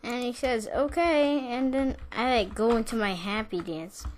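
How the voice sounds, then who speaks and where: A woman's voice: on the high side, moderate pace, slight background noise. A young woman casually telling a story about school, rambling with lots of "like" and restarts. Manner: rambling, full of "like" and restarts, with bursts of laughter.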